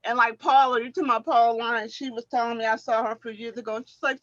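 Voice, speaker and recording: A middle-aged woman, a former track athlete, telling animated stories in a casual chat and acting out what people said, often laughing. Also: fairly high pitch, quick pace, hardly any pauses, no room sound, highs cut off. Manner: animated storyteller, acts out quotes, laughs often.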